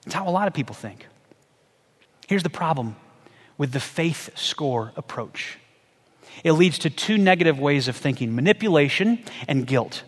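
A man preaching a sermon as a pastor, conversational and animated, firing off rhetorical questions. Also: fairly high pitch, moderate pace, in a large hall.

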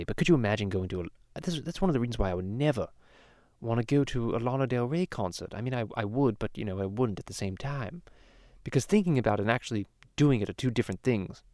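A man's low, a little mellow voice plays a crude cartoon baby boy on a casual parody podcast he hosts. He rambles through stories, swearing heavily and restarting often, in a dry, clean studio recording.

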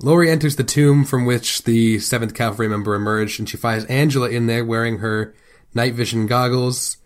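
A man's voice: mid-range voice, steady tone, normal speed. A young man co-hosting a podcast, narrating a TV episode's plot in casual chat with wry jokes. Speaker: podcast co-host.

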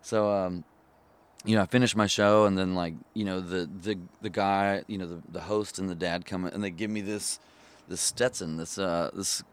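A man, a musician guest, telling a story in casual chat, rambling and relaxed with many fillers and laughing at his own tale. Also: deep voice, moderate pace, clean tone.

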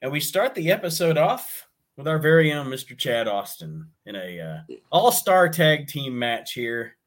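A man's voice: on the high side, sing-song. A man hosting a podcast, talking casually with fillers and chuckles. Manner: easygoing, chuckling, halting with fillers. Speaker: podcast host. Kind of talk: casual chat.

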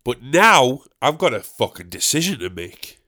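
A man's voice: medium pitch, very animated, normal speed, pushed and bright. A man hosting a podcast, telling a rambling comic story with lots of swearing and questions he asks himself, then answers. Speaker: podcast host.

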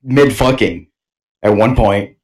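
A man's voice: lowish voice, slow, a little mellow. A man co-hosting a podcast in crude casual chat, telling loose anecdotes with many restarts and frequent laughter. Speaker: podcast co-host.

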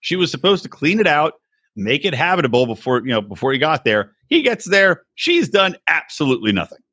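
A man co-hosting a podcast, chatting casually and swearing, mocking people by quoting them in high voices. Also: fairly quick, slightly rough, highs cut off. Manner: animated, profane, mocking quotes in high voices. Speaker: podcast co-host. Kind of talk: casual chat.

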